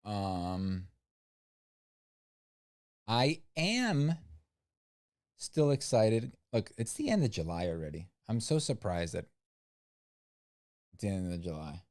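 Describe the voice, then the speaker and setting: A man chatting casually on a livestream, his voice very low and mellow. He rambles along, filling his sentences with "like" and "um," and stays skeptical about whatever comes up. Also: big pitch swings, slow, long pauses. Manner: rambling and skeptical, many "like" and "um" fillers. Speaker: livestream co-host.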